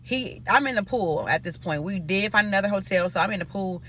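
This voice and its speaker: A woman's voice: medium pitch, lively intonation, fairly quick, fairly bright tone, slight background noise. A woman from Nebraska telling a story in a loose, profane, casual style and talking straight to her viewers. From Omaha, Nebraska.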